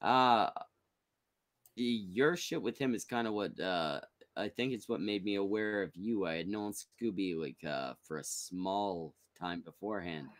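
A man's voice: on the low side, unhurried, no room sound, clean studio sound. A man co-hosting a podcast, stammering and exasperated in casual chat. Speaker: podcast co-host.

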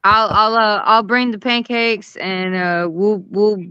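A woman's voice: mid-range voice, takes it slowly, bright, forceful tone, smooth, no room sound, lo-fi sound. A woman from Arkansas with a Southern accent carrying a Louisiana flavor, a caller on a live show, bantering in a brash, salty, playful way. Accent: Southern US, Arkansas with Louisiana influence. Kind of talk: casual chat.

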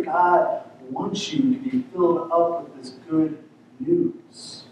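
A man's voice: fairly high pitch, very animated, slow pace, a little mellow, slight background noise. A male pastor giving an earnest, conversational sermon, often repeating words as he goes. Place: church sanctuary. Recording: echoey church sanctuary, mic at a distance.

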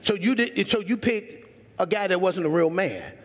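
A man preaching a sermon as pastor, animated and joking, speaking straight to his congregation. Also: sits high, normal speed. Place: church sanctuary. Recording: long church reverb.

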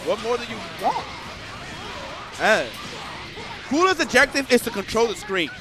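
A man doing live commentary on a fighting game match, excitable and swearing freely, breaking into shouts. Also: very high-pitched, unhurried, music in the background.

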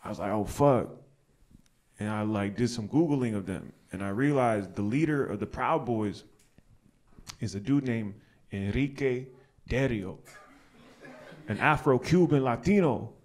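A man's voice: mid-range voice, lively intonation, normal speed, long pauses, a little mellow. A young American man doing stand-up comedy at a small live show. He talks loose and slangy, riffs on the crowd and laughs at his own jokes. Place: small outdoor alley show with an audience.

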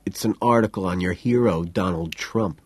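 A man voicing a smug, petty young male Wall Street banker who needles in a low, husky voice. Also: normal speed. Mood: smug, needling.

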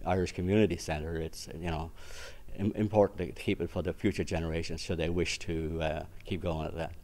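A man in an interview, a longtime club member, speaking haltingly with many restarts. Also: sits low, warm tone.

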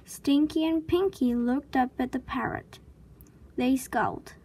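A woman reading a children's chapter book aloud with slow, clear storytelling. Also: high-pitched, darkish tone, a little hiss or hum. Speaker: reader.

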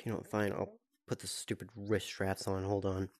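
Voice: sits low, little pitch movement, normal speed, darkish tone, no room sound, clean studio sound. A gaming video host giving chatty VR gameplay commentary and playfully taunting enemies.

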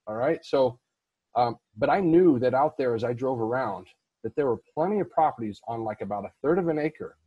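Husky-voiced man telling a long story. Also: mid-range voice, darkish tone, no echo. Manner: rambling with frequent restarts and fillers. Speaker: guest real estate investor. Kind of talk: casual storytelling interview.

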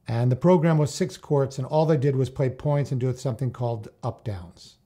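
A male tennis coach narrating a story in a calm, measured, unhurried manner. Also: mid-range voice, slightly rough.

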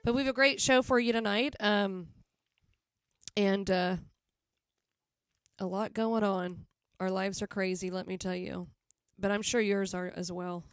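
A woman's voice: mid-range voice, fairly even intonation, measured pace, clear, resonant tone, dry recording, studio quality. A woman with a Southern US accent hosting a live music stream, chatty and teasing, laughing often. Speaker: host of a live music show. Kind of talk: casual live-stream chat.

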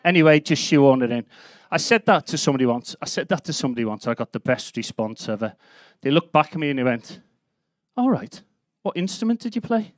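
A man's voice: mid-range voice, fast, no room sound. A man in his fifties from Liverpool with a Scouse accent, doing a live stand-up set in a comedy club with a brash, sweary, punchy delivery. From Liverpool, England. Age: 50s.

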